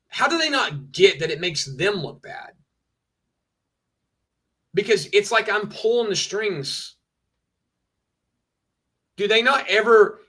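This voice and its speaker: A man's voice: fairly high pitch, sharp tone. A man ranting on a livestream, emphatic and repetitive, talking over and over the same point. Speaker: streamer.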